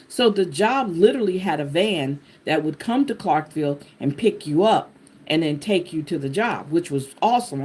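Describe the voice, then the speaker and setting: A woman host telling a personal testimony to her viewers in an animated, expressive way, talking to them directly. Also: sits low, slightly rough. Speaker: channel host sharing a personal story.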